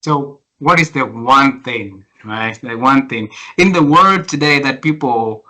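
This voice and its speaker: A man hosting an interview, his voice bright and forward. He asks long questions that stall and restart, with lots of "uh" and "you know". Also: mid-range voice, poor audio. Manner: halting questions with many fillers. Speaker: interview host. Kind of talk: conversational interview.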